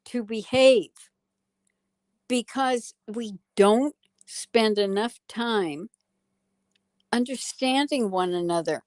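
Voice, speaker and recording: A woman, a psychologist guest on a talk show, speaking in a slow, deliberate way with emphatic pauses. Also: fairly high pitch, no room sound. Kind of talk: political talk show conversation.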